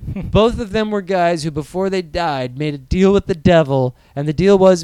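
A man chatting casually on a podcast, animated and profane, riffing and slipping into quick impressions. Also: high-pitched, smooth, no room sound. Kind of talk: casual chat.

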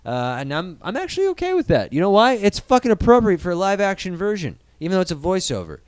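A man's voice: high-pitched, huge pitch swings, fast talker, no echo. A man hosting a casual podcast segment, swearing freely and rambling with animation. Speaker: podcast host.

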